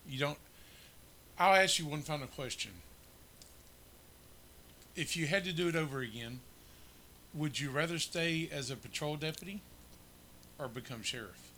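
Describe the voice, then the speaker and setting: Bright-voiced male interviewer. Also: on the high side, moderate pace, long pauses, slight background noise. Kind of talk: interview questions.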